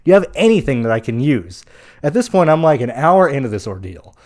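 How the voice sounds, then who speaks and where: A man's voice: mid-range voice, big pitch swings, brisk, darkish tone. A young American man hosting a live show, telling a long, profane, exasperated story in a casual rambling way. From United States.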